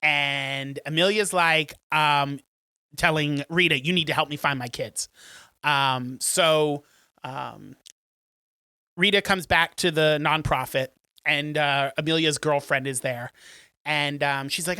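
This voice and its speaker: A man with a bright, forward tone co-hosts a podcast, retelling a film's plot in a loose, rambling way. He fills his talk with ums and restarts and slips into short acted-out quotes. The sound is close and dry. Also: fairly high pitch, unhurried, smooth, no echo. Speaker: podcast co-host. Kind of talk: casual chat, retelling a film plot.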